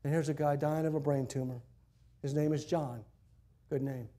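A male pastor preaching in a church with a slightly higher-than-average voice. He tells stories with animated energy, jumping from loud declarations to hushed asides. His delivery is conversational but emphatic. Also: moderate pace. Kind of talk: sermon.

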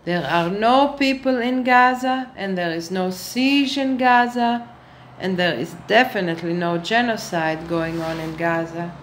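A woman playing a pompous state spokeswoman who lectures children in a slow, patronizing satirical monologue that spits out "tfu". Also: mid-range voice, a little hiss or hum, natural voice. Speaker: satirical character.

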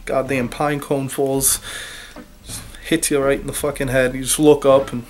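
A man reviewing colognes in a crude, taunting comedic rant, with a raspy, worn-out voice. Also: mid-range voice, little pitch movement, unhurried. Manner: profane, taunting, rhetorical "huh?"; raspy, losing his voice. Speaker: fragrance reviewer.

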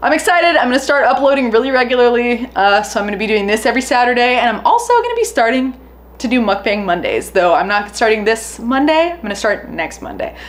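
A woman's voice: a little high, big pitch swings, fast talker. A young woman hosting her own video channel, talking casually to viewers with many "like" fillers. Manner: chatty, lots of "like" fillers. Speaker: YouTube host. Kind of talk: casual vlog outro.

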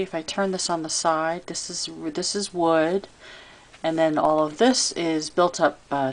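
A woman giving a chatty, relaxed show-and-tell of a handmade craft piece, filming it herself. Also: low-pitched. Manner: chatty and relaxed, with fillers and little asides. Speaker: crafter showing her handmade album. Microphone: camera she handles while filming.

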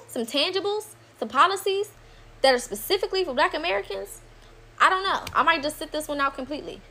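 A woman with a high voice delivers a fiery, profane rant straight to camera. She stacks short punchy sentences and repeats lines for emphasis. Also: sharp tone. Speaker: political commentator. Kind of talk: blunt direct-to-camera rant.

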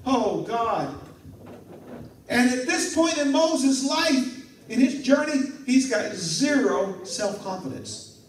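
A male pastor preaching a sermon, telling a story in a lively way, acting out the dialogue and chuckling at his own asides. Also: very high voice, slow pace. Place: church sanctuary. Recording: echoey church hall from far off.

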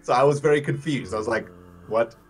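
A man's voice: medium pitch, fast, soft background music. A man co-hosting a casual gaming livestream, laid-back and enthusiastic, laughing often. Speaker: livestream co-host.

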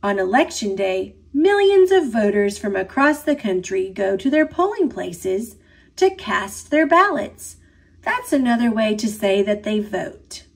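An American woman reading picture books aloud to children, with expressive, sing-song storytelling. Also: medium pitch, measured pace, gravelly, husky. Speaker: storybook reader. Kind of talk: picture book read-aloud.

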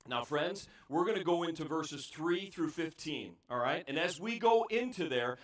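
High-voiced preacher in an echoey church. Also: male voice. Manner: impassioned preaching, swinging between near-shouts and hushed pleading. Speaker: pastor. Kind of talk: sermon. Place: church sanctuary. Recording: echoey church room, voice heard from a distance.

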